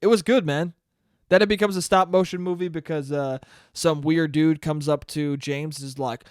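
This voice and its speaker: A man's voice: fairly high pitch, steady tone, moderate pace, clean tone, no room sound, clean studio sound. Profane, rambling young man podcasting. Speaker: podcast host. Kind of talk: casual solo podcast monologue.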